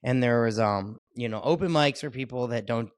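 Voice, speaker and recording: A man's voice: mid-range voice, fairly quick, clean tone, no echo, clean studio sound. A man, a stand-up comedian, telling stories casually on a podcast, swearing freely and laughing often. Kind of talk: casual profane storytelling.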